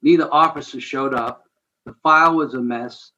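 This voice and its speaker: A ministry founder, guesting on a podcast, tells a personal story with earnest, conversational warmth, chuckling through an animated retelling. He speaks at medium pitch and a moderate pace, and the sound is lo-fi.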